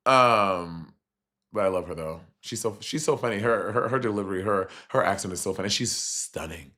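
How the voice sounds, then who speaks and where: A man chatting casually on a livestream as he reacts to a reality show, animated and profane, with sudden jumps in pitch. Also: moderate pace. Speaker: streamer reviewing a reality show.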